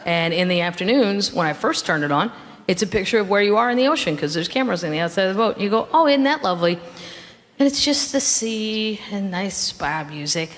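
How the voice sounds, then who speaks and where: A woman's voice: mid-range voice, lively intonation, fairly quick, a bit bright. A middle-aged woman doing stand-up comedy storytelling with a handheld stage mic, wry and mock-indignant, in a comedy club with a live audience. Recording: reverberant live club recording with noise.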